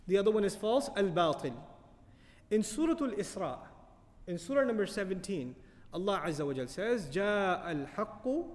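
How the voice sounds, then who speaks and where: A man giving a tafsir lecture as a Quran teacher, animated and often putting questions to his audience. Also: high voice, big-room sound.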